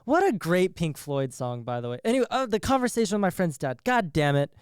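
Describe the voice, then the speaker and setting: A man's voice: sits high, sing-song, fairly quick, clear, resonant tone, no room sound, clean studio sound. A young man hosting a solo podcast, talking in a rambling, profane way and laughing at his own jokes. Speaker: podcast host.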